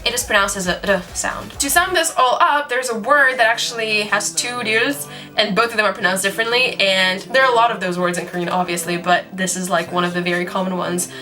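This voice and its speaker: Young woman teacher, bright tone, chatty and giggly, soft music underneath. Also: mid-range voice, a little fast. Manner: chatty, giggly, demonstrates sounds out loud. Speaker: language teacher. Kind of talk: casual video lesson.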